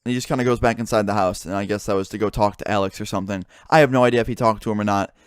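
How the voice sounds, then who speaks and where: A young man rattles through a story at a quick clip, in a voice of middling pitch that sits close and dry on the mic. He swears freely and slips into the voices of his friends as he retells it. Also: clean tone, dry recording. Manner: swearing, animated retelling with quoted dialogue. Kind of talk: casual storytelling.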